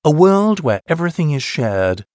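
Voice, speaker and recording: Brief: a man narrating a course-book listening passage, expressive and swinging widely in pitch, recorded dry and close. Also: normal speed, dry recording. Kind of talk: scripted narration.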